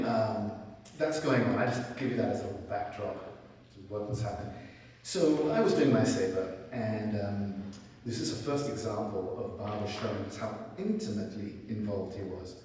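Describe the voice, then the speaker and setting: A middle-aged man telling a personal story in a relaxed, conversational way at a spiritual center, often quoting himself. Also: on the low side, moderate pace. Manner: conversational storytelling, quotes himself in lively asides. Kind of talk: personal testimony talk. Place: large hall at a spiritual center. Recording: echoey hall, mic from far off.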